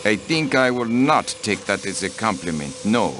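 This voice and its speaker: An actor playing a haughty count and diplomat in a mystery video game, cold, formal and dismissive. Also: male voice, fairly low pitch, sing-song, normal speed, noisy background. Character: haughty aristocratic male diplomat, protective husband.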